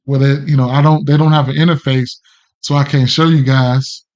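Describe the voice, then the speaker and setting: A relaxed man hosts a betting livestream and talks in a loose, slangy ramble, greeting viewers by name as he goes. His voice sits at an ordinary pitch. The stream audio is a little dull and lo-fi. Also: normal speed. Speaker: sports betting podcast host. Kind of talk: casual livestream chat.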